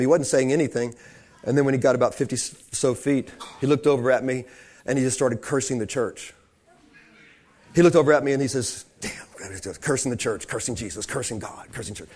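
A man's voice: medium pitch, a little mellow. A man preaching a sermon, telling stories with many restarts and building to fervent emphasis. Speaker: pastor.

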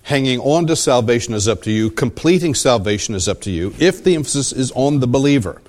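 A man's voice: mid-range voice, lively intonation, fairly quick, a little mellow. A man preaching a sermon as pastor, teaching verse by verse and often repeating and rephrasing his questions to the congregation. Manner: asks the congregation for assent.

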